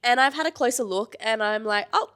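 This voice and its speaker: A woman's voice: a little high, fairly bright tone, clean tone. A woman co-hosting a podcast, chatting casually and telling a story from her job. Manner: conversational, quick interjections. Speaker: podcast co-host, trip manager.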